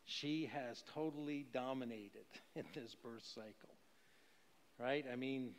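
A man's voice: medium pitch, slow, in a large hall. A man preaching a sermon in a conversational way, with rhetorical questions and occasional chuckles. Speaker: pastor.

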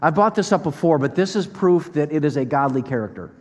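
A man preaching a sermon as pastor, playful and animated, then turning soft and earnest. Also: fairly high pitch, brisk, long reverb tail. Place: church hall.

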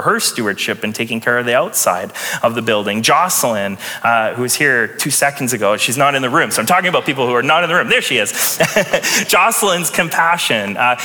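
A man's voice: mid-range voice, sharp tone, in a large hall. A young male pastor preaching a sermon in a conversational way, with light sarcasm and frequent chuckles. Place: church sanctuary.

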